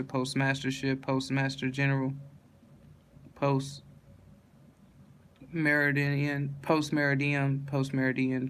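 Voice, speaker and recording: Male reader, flat monotone word list, faint hiss behind. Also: medium pitch. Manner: flat, monotone listing with self-corrections. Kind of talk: reading a dictionary word list aloud.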